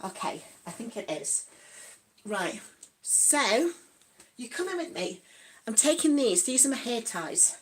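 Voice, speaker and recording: Giggly East Midlands woman, high voice. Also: big pitch swings, a little slow, long pauses, slight background noise. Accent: East Midlands English. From Nottingham, England. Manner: chatty, giggly, reads out viewer comments. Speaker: vlogger. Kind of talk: casual livestream chat.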